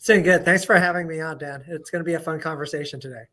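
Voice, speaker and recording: A man who is a guest on a podcast, chatting casually and telling stories in a lively way. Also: on the high side, fast. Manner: lively storyteller, animated quoted asides. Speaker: guest, FBI agent. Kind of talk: casual interview chat.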